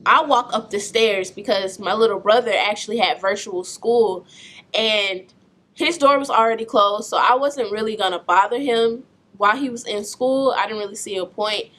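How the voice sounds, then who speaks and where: A young woman recounting a painful family story in a personal vlog, speaking softly and in a subdued way. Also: mid-range voice, normal speed.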